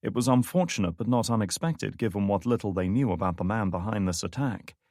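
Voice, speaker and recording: A man narrating a thriller audiobook in a measured, steady read. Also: on the low side, no room sound, studio quality. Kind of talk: scripted narration.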